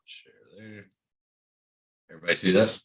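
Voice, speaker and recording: A man's voice: fairly low pitch, fairly even intonation, moderate pace. A man co-hosting a livestream in casual chat who laughs often and jokes loosely. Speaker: livestream co-host.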